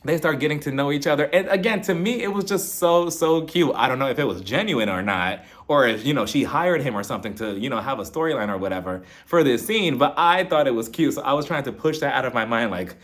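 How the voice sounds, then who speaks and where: A man's voice: medium pitch, expressive, fast, hardly any pauses, fairly bright tone. A man casually reviewing a reality TV episode, acting out quotes and laughing often. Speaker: TV recap reviewer.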